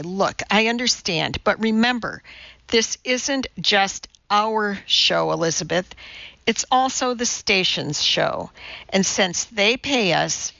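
A woman's voice: mid-range voice, creaky, pushed and bright, no echo, highs cut off, heavily acted. A woman voicing an anxious male TV producer who pleads and frets. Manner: pleading, flustered.

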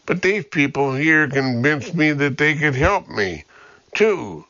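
A man's voice: on the high side, big pitch swings, slow, sharp tone, no room sound, lo-fi sound, voice pushed up, full character voice. A man voicing a bitter, frightened young mother. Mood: desperate. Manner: pleading, raw and defiant.

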